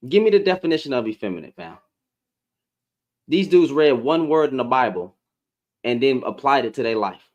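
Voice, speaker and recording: Animated man ranting on a livestream. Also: medium pitch, moderate pace, pauses often, highs cut off. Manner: animated, confrontational, slangy. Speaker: live-stream host. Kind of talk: heated casual rant.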